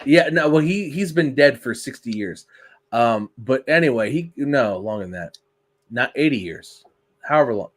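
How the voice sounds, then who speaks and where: A man's voice: mid-range voice, moderate pace. A man co-hosting a wrestling podcast, chatting casually and telling family stories with lots of swearing. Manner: swears freely, animated storytelling. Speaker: podcast co-host. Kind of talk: casual chat.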